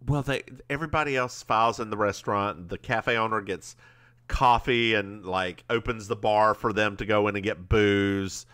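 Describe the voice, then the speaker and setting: A man co-hosting a podcast, retelling a TV episode in a chatty, animated way with quick asides. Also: on the low side, clear, resonant tone. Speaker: podcast co-host. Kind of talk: casual recap chat.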